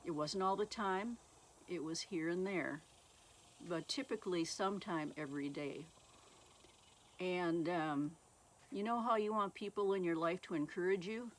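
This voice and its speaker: A woman author giving an earnest, measured Christian testimony and reading passages aloud from her own book. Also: on the low side, a little hiss or hum.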